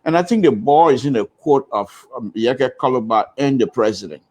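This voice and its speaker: A man speaking on a radio panel, measured and hesitant with frequent fillers. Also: mid-range voice, a little mellow.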